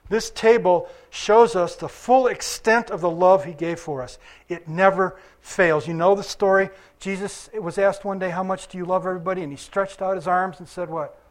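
High-voiced man preaching to a congregation. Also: moderate pace, few pauses. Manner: conversational preaching, quizzing the congregation. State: recovering from illness. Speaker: pastor. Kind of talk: sermon.

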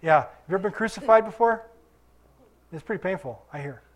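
Preaching a sermon to his congregation, this older pastor speaks with a high, expressive voice at a fairly quick clip. He keeps it conversational, asking questions and pausing for replies while he recovers from illness.

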